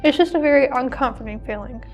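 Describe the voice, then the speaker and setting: A woman's voice: sits high, quick pace, muffled recording, faint music behind. A teenage woman co-hosting a podcast, chatting casually with frequent giggles and restarts. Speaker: podcast co-host. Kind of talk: casual chat.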